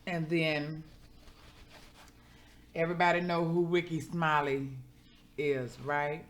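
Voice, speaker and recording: A woman's voice: low voice, little pitch movement, slow pace, a little hiss or hum. A woman chatting casually to her viewers in an eating vlog, heartfelt and preacherly when she prays. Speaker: vlogger.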